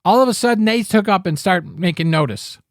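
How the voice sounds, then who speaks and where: A man's voice: high-pitched, animated, fairly quick, no room sound, clean studio sound. A man hosting a podcast, ranting angrily about politics, swearing freely and rambling with frequent restarts. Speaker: podcast host. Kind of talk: profane political commentary rant.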